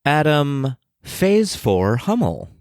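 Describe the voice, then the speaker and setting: A man's voice: on the high side, very animated, takes it slowly, noisy background. A man co-hosting a podcast in casual, playful banter, often laughing. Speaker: podcast co-host.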